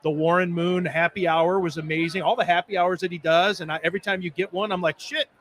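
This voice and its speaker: Male guest journalist, slightly high voice, lively and joking, casual live chat. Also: quick pace, slight background noise. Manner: animated, joking, acts out what people say. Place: pizza bar.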